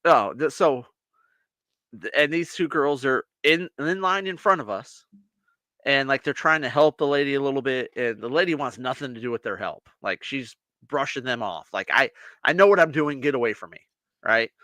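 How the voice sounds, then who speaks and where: A medium-pitched American man, co-hosting a podcast, shares a story in relaxed chat at a moderate pace. He brings quoted people to life as an animated storyteller. The recording has no room sound.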